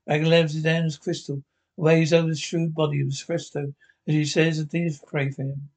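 Halting higher-voiced male reader. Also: flat delivery. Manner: halting, frequent stumbles and repeated words. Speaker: narrator. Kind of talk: reading aloud a fan scene description of a TV episode.

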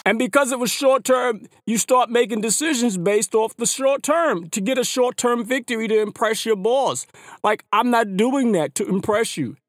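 A man hosting a podcast, talking casually and at length in an animated, slangy way, often repeating words. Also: very high voice, no room sound, clean studio sound. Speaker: podcast host. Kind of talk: casual opinion monologue. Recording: hip hop music underneath. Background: hip hop music.

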